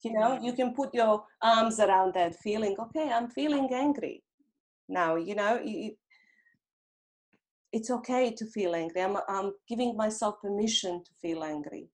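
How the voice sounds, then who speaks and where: A middle-aged woman guest, a hypnotherapist, talking gently and reflectively in an interview and acting out little inner dialogues. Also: medium pitch, moderate pace. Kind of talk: conversational interview.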